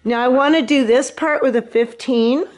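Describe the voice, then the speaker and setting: A woman dog groomer explaining a puppy's grooming step by step, calmly soothing the puppy as she works. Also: moderate pace, noisy background. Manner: calm explaining, soothing a squirming puppy with high coos. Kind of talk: instructional grooming demo. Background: electric clippers and a puppy.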